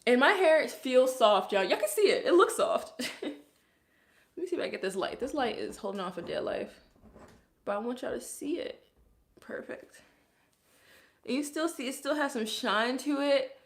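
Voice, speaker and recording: With a high-pitched, expressive voice at a moderate pace, a young curly hairstylist from Brooklyn, New York, chats through a hair tutorial. Her Brooklyn accent comes with lots of "like"s and laughs, and the room sounds roomy.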